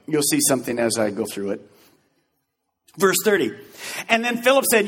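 A male pastor delivers a lively, joking sermon and acts out little scenes. His voice sits high and swings widely, with a husky edge. A long reverb from a large hall trails behind him. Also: moderate pace. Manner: animated and joking, acting out scenes.

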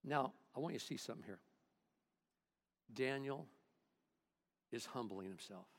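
A male pastor preaching a sermon in church, swinging between loud bursts and hushed asides, calling on the congregation to respond. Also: mid-range voice, lively intonation, measured pace, gravelly, big-room sound.

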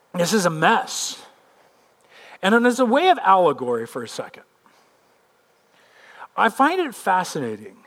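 A male pastor preaching a sermon, telling a scene vividly and then speaking earnestly and personally. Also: high voice. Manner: animated storytelling, vividly retelling a scene; earnest and personal when turning to his own life.

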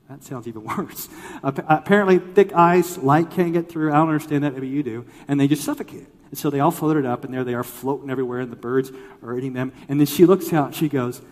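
A man preaching a sermon, telling a story with lively, acted-out quotes and swings between loud emphasis and quiet lines. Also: mid-range voice, fast talker. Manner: animated storytelling, acts out quoted voices. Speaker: pastor. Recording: long hall reverb.

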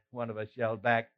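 A man's voice: medium pitch, highs cut off, close to an everyday voice. A man playing the apostle Peter, a middle-aged fisherman, telling his story in a folksy first-person monologue with frequent chuckles.

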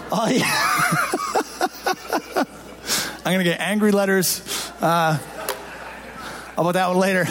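A man's voice: sits high, slight background noise. A man preaching a sermon to a congregation in a church, talking in a conversational way and joking with the crowd, on a handheld microphone. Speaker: pastor. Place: church sanctuary before a congregation.

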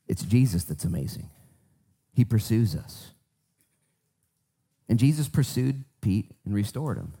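A male pastor preaching and praying, fervent, swinging from hushed words to emphatic bursts. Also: medium pitch. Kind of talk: sermon with prayer.

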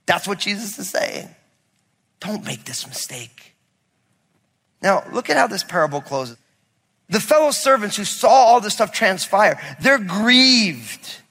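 High, bright-voiced preacher in a hall. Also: male voice, very animated, unhurried. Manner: storytelling, builds to loud emphatic preaching. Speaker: pastor. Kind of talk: sermon. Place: church sanctuary with congregation. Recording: long reverb of a large hall.

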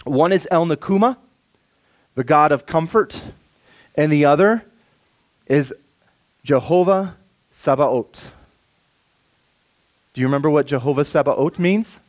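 This pastor, an adult with children, preaches a sermon in a slightly high voice. He reads scripture slowly and softly, then his voice rises for emphasis in an expressive delivery.

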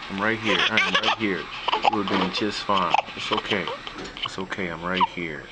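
A man softly and repeatedly reassuring a newborn, recorded on home video. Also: deep voice, steady tone, a little slow. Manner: soft, repetitive reassurance. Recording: noisy handheld home video.

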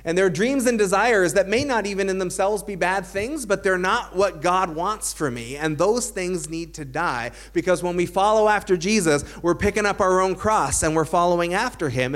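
A man's voice: sits high, moderate pace, hardly any pauses, fairly bright tone. A man preaching a sermon as a pastor, earnest, building to emphatic points, with dry self-aware humor.

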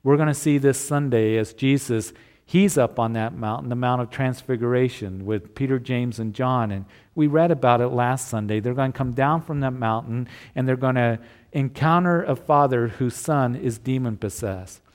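A male pastor delivers a sermon in an earnest, conversational way. His voice sits at an ordinary middle pitch, and he sometimes restarts a phrase as he works through his point. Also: normal speed, a little mellow.

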